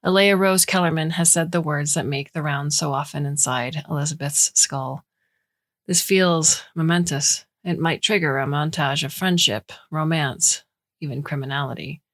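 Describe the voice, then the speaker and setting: A woman narrating a science fiction story in measured, clear storytelling. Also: low-pitched, fairly bright tone. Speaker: audiobook narrator. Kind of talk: scripted narration.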